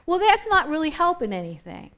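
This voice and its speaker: A woman's voice: fairly high pitch, lively intonation, a little slow, fairly bright tone. A woman preaching a sermon, impassioned and repetitive, building up and easing back in intensity.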